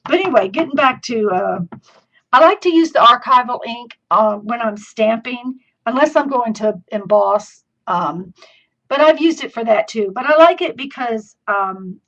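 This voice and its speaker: A woman's voice: fairly high pitch, lively intonation, moderate pace, a bit bright. A woman with a Southern accent chatting folksily through a live crafting demonstration. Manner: chatty, folksy, easily laughing. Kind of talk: live-streamed craft tutorial. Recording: dull lo-fi stream audio.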